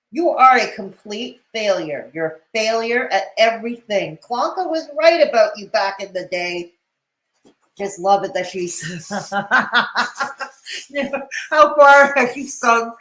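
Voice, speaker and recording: A woman's voice: medium pitch, lively intonation, takes it slowly, a bit bright, reverberant, low-quality recording. A woman commentating on a live stream, with sarcastic, mocking and cutting remarks.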